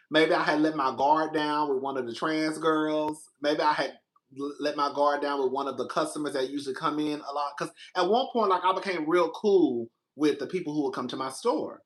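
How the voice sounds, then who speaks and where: Bright-voiced man telling a story. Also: normal speed. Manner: animated, jumps into high voice for quoted reactions. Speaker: host. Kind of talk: casual storytelling monologue.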